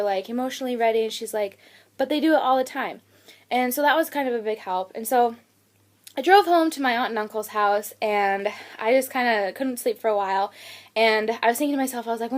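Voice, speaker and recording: A young woman in her twenties telling a personal story on her vlog, acting out her own panicked quotes as she goes. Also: high-pitched. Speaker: vlogger.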